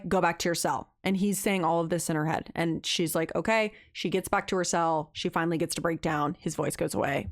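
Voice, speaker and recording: A woman's voice: on the low side, a little fast, hardly any pauses, no room sound. Woman recapping a book, dry sound. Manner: animated retelling with acted quotes. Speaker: podcast co-host. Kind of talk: casual book recap chat.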